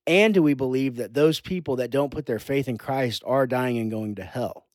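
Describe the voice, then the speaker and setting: A man's voice: mid-range voice, moderate pace, darkish tone, dry recording. Earnest male youth pastor, dry sound. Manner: earnest, preaching in a conversational way. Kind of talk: casual conversation.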